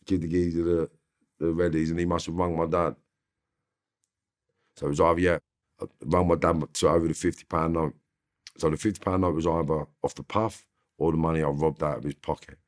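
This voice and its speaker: A man with a very deep, low London voice tells his stories in loose, slangy street talk. He is an interview guest and talks casually, picking up energy as he recounts things. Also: level tone, brisk, long pauses. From Northwest London. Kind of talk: casual storytelling.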